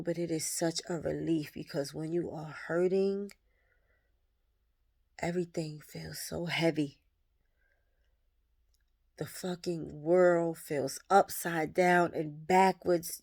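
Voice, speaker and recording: Speaking with great unhurriedness, a vlogger opens up about her spirituality in a gentle, honest way. Her voice sits somewhat low, and she lets pauses fall between her ideas.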